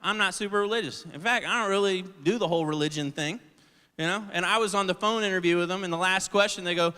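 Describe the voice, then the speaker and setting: High bright-voiced man doing stand-up. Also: fast, clear, resonant tone. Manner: loose, swearing, acts out voices in his stories. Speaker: stand-up comedian. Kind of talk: stand-up comedy set. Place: large theater stage. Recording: live theater with long reverb.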